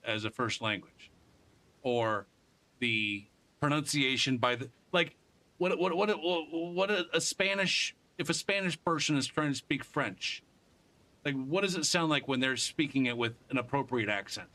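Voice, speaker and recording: A man's voice: mid-range voice, pushed and bright. A man streaming a game live, chatting casually in a rambling, profane way with many restarts.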